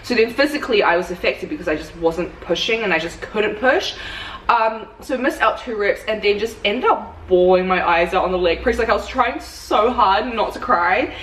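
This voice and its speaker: Her mid-range voice is animated and fairly bright, moving at a moderate pace, with a little hiss or hum on the track. This young fitness coach vlogs casually, telling chatty stories full of "like", and the sound is roomy and distant with faint ambience around it.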